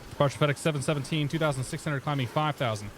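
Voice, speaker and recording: A man's voice: a little high, rapid-fire, slight background noise. Chatty man with a vaguely Midwestern accent. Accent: vaguely Midwestern with some Boston flair. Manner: relaxed, chatty, reads back clearances in pilot radio style. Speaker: flight sim streamer. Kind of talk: casual gameplay commentary with radio calls.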